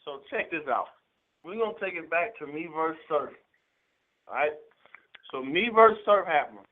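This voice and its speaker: A man with a slightly higher voice talks loosely through a long story, retelling back-and-forth conversations in a relaxed, rambling way. The sound is narrow and phone-like. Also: moderate pace. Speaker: battle rapper. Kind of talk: casual interview storytelling.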